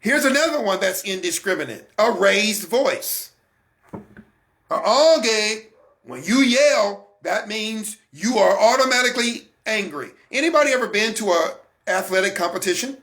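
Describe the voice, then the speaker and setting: A man hosting a faith broadcast, preaching about emotions in an animated way and talking straight to his listeners. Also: high-pitched, moderate pace, gravelly, few pauses. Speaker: host. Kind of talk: motivational faith talk.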